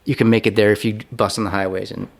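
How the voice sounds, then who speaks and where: A man's voice: on the low side, fast talker, gravelly. A man in casual podcast chat, telling stories animatedly and acting out quotes. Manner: animated storyteller who acts out quotes.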